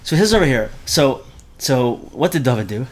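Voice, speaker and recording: A man's voice: medium pitch, moderate pace. Man teaching a Torah class. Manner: animated, mixes Hebrew terms into speech, repeats words often.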